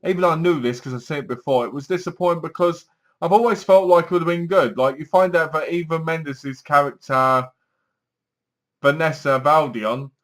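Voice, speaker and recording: Rambling young man reviewing a film. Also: on the high side. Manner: rambling, animated, lots of "so basically" and acted-out quotes. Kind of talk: casual film review, retelling the plot.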